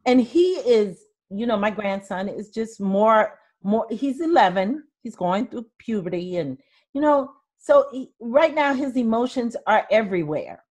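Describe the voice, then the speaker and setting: An older woman hosting a podcast, chatting casually and telling stories with soft laughs. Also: fairly high pitch, animated, a little slow. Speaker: podcast host. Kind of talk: casual interview chat.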